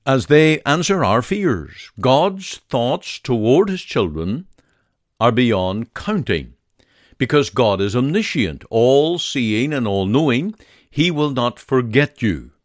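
A man giving a devotional talk, reading scripture aloud and leading a prayer in a measured, earnest manner. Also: medium pitch, dry recording, studio quality. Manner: slow, measured, earnest delivery.

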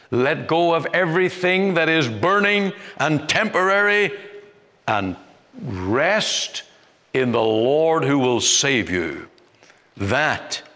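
Slow, deliberate male preacher in reverb. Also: mid-range voice, fairly bright tone. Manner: measured, deliberate delivery with emphatic rises. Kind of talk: sermon. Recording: long reverb, like a church hall.

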